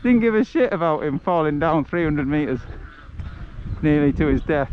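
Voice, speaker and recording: A man's voice: fairly high pitch, expressive, normal speed, muffled recording, slight background noise. A man chatting and joking while he livestreams a walk through the countryside. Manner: chatty, jokey storyteller who laughs at his own stories. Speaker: travel livestreamer. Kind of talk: casual chat on a livestreamed walk. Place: outdoors in the countryside.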